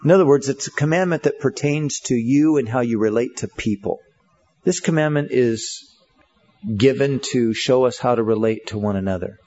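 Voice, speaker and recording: A man preaches a sermon in an earnest, conversational style, often reaching for fillers. His voice is mellow and slightly husky. The recording sounds dull and lo-fi. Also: mid-range voice, normal speed. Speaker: pastor.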